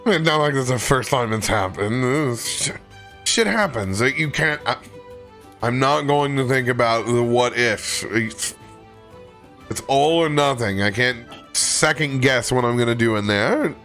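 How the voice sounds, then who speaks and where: A man's voice: medium pitch, lively intonation, measured pace, fairly bright tone, soft background music. A man playing a tabletop game, casually narrating his character with frequent swearing and laughter.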